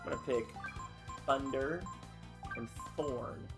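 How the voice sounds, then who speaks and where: A man's voice: mid-range voice, slow, loud music behind the voice. A man giving casual, playful and self-mocking commentary while playing a video game. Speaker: let's play host.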